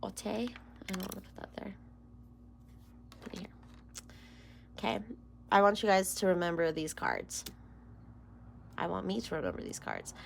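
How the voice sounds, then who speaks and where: A woman's voice: medium pitch, very animated, normal speed, creaky, long pauses, slight background noise. A woman doing a casual tarot reading to camera, emotional and close to tears, rambling and dropping into whispers. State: near tears. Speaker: tarot reader.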